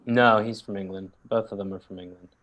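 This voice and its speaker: A man, a guest comedian, chatting casually and cracking wry, deadpan jokes over a video call. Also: on the low side, a little fast, dull audio. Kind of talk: casual comedic interview chat.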